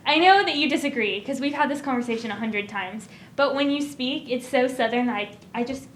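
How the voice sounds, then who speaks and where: A woman's voice: high-pitched, fairly quick, a little hiss or hum. A young woman from Illinois hosting a campus show, bubbly and talkative, laughing often as she chats with guests. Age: young adult. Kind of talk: casual interview chat.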